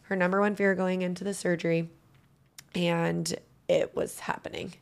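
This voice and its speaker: A woman's voice: on the low side, level tone, moderate pace, vocal fry, clean tone. A woman giving a guest interview, telling a personal story in an earnest, emotional way.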